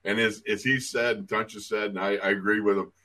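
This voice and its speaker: A man's voice: fairly low pitch, level tone, fairly quick, pushed and bright. A man co-hosting a football podcast, telling old coaching stories with laughs and emphasis. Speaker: co-host, former player. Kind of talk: casual podcast chat.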